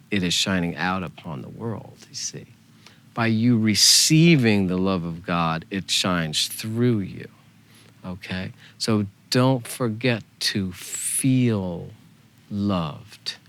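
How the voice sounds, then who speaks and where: A man teaching a spiritual meditation in a gentle, unhurried way, softly repeating phrases. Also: on the low side.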